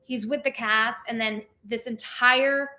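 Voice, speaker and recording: A woman's voice: on the high side, fairly even intonation, a little slow, sharp tone. A young woman telling stories in a casual interview as a theme park performer, chatty and full of "like" fillers. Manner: chatty, many "like" fillers, laughs often.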